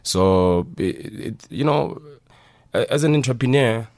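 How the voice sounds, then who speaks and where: A man's voice: mid-range voice, lively intonation, a little slow, darkish tone, dry recording. A South African man, head of operations for a restaurant, talking earnestly in a radio studio. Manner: earnest, many "you know" fillers.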